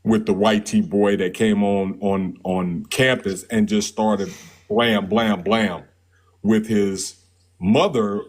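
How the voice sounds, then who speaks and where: Male stream caller, low and husky, laid-back slangy storyteller. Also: steady tone, takes it slowly. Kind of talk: casual live stream chat.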